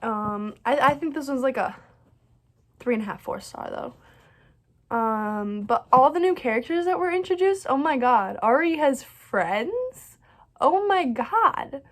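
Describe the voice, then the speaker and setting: A woman's voice: high-pitched, expressive, normal speed. A woman chatting casually about books she loved, gushing and rambling with lots of "like" and frequent restarts. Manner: gushing and bubbly, many "like"s and "so good"s; rambling, restarts her sentences. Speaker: book vlogger. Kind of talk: casual reading wrap-up chat.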